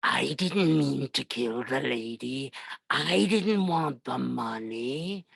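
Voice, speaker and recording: A man voicing a sniveling, pleading film villain with a German accent, in a high, whiny voice. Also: expressive, slow, gravelly, a bit bright, husky, no echo, clean studio sound, heavily acted.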